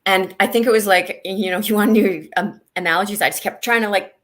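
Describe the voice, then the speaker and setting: A woman guest on a video-call interview, talking candidly and haltingly about a hard personal time, with many restarts. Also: medium pitch. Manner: halting, many restarts, animated when reliving moments. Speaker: guest, senior leader.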